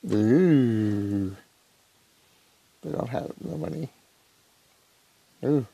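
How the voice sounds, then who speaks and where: A man gives relaxed, muttered commentary while playing a mobile game. His voice is dark and heavily gravelly with vocal fry, and the sound is close and dry. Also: medium pitch, extremely slow, no echo, highs cut off. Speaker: mobile gamer. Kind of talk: casual gameplay commentary.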